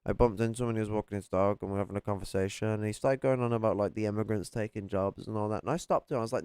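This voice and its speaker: A man's voice: fairly low pitch, fairly even intonation, racing, few pauses, darkish tone, clean tone, no echo. A man streaming casually, reacting to a clip, rambling with frequent restarts and swearing freely. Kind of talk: casual profane chat.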